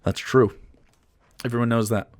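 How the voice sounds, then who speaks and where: A man's voice: mid-range voice, steady tone, moderate pace. A man giving casual, sarcastic and profane reaction commentary on a political video.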